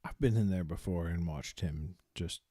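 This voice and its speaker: A man's voice: deep voice, moderate pace, warm tone, dry recording, clean studio sound. A man co-hosting a casual podcast, laid-back and swearing in passing. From Maine. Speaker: podcast co-host. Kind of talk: casual chat.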